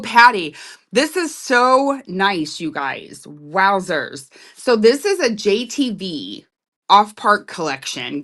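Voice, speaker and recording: A woman selling jewelry on a live stream in loud, excitable, chatty talk that keeps breaking into laughs. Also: mid-range voice. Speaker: live online jewelry seller. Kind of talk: casual live-sale chat.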